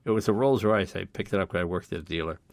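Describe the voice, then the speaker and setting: An older man, a guest on an interview show, telling casual anecdotes in an animated way. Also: low-pitched, fast, no echo. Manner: animated, loud when acting out quotes.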